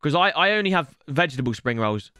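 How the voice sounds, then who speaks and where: Excitable high-voiced young man. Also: fast, smooth, dry recording, faint music behind. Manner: excitable, loud outbursts; chatty slang, addresses viewers as lads. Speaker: gaming YouTuber. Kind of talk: live gameplay commentary.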